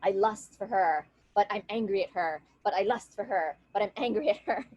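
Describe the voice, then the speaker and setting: A woman's voice: medium pitch, moderate pace, a little mellow, no room sound, muffled recording, close to an everyday voice. A woman voicing a hot-tempered, jealous young man of legend, giving blunt, clipped commands. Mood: torn.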